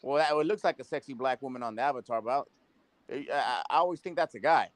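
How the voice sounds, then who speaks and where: A man's voice: mid-range voice, quick pace, no room sound. A man on a casual chat panel, gossiping and swearing. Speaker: podcast panelist.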